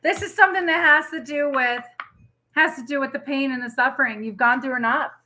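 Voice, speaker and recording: Bright-voiced chatty woman reading tarot. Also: high-pitched, brisk. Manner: chatty, rambling, emotional, lots of fillers. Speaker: tarot reader.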